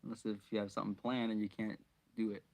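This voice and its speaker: Young guy reading a storybook out loud, laid back, jokes around with viewers between pages. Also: fairly low pitch, level tone, fast. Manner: chatty, jokey asides to viewers. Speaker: reader and channel host. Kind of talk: casual storybook read-aloud.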